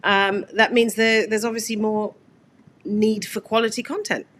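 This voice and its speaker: Woman host, upbeat, conversational, mid-pitched. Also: level tone, normal speed, fairly bright tone, slight background noise. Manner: conversational, upbeat, many fillers. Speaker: host, executive producer. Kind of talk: casual live interview.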